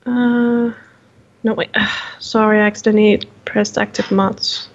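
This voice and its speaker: A woman's voice: medium pitch, level tone, measured pace, muffled recording. Hesitant woman player in an online game. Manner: hesitant, thinks aloud. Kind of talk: casual tabletop game chat.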